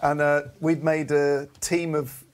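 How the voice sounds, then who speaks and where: A man tells a casual story on a comedy podcast in a slightly high voice. His telling is relaxed and offhand. Faint noise sits behind him. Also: slow.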